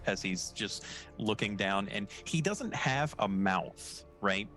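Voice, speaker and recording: A man's voice: on the low side, animated, takes it slowly, a bit bright, faint music behind. A man narrating as game master, casual and hesitant with many fillers.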